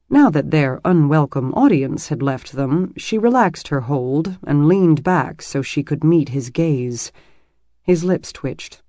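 A man narrating a romance novel in a steady, expressive reading. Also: on the high side, dry recording, studio quality. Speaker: audiobook narrator.

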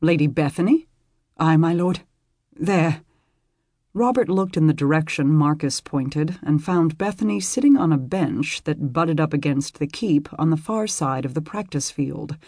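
A man narrating a historical romance with a husky, slightly breathy voice. His delivery is measured and intimate, recorded close in a dry space with no room sound. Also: a little high, lively intonation, a little mellow, dry recording. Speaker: audiobook narrator.

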